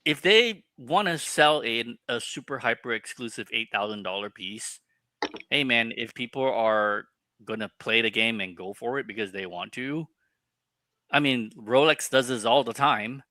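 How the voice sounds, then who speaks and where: A man's voice: mid-range voice, expressive, normal speed, sharp tone, no echo. A man co-hosting a casual collectibles podcast, ranting with heated, profane opinions. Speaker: podcast co-host. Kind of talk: casual chat.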